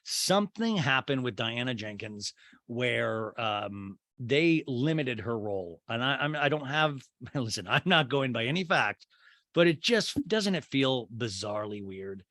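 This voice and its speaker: A man's voice: medium pitch, animated, measured pace, sharp tone, dry recording, clean studio sound. A man hosting a comedy podcast, rambling through a crude, joking recap monologue. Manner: rambling, crude, swings into silly voices. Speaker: podcast host.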